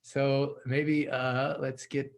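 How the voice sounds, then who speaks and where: A man's voice: medium pitch, level tone, drawn-out words. A man hosting a video call with translators, talking in an effusive, upbeat way and laughing often. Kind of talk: casual video call chat.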